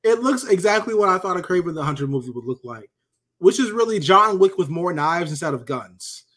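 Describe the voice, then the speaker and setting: A man with a fairly high voice talking in a loose, rambling way on a casual podcast. He starts and restarts his thoughts in an easy, relaxed manner. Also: a little fast. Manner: rambling, many fillers and restarts, laid-back. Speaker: podcast co-host.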